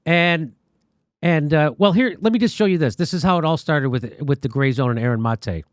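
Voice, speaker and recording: A man's voice: a little high, normal speed, dry recording, studio quality. A man hosting a commentary show, telling a story in a sarcastic, indignant way. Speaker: host. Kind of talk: casual commentary.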